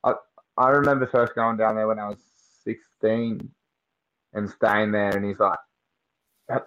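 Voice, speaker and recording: A young Australian man with a fairly low voice talks loosely and swears often, spinning rambling stories in broad slang. His voice comes through dull and lo-fi. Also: steady tone, moderate pace, a bit bright. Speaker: podcast guest. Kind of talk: casual chat.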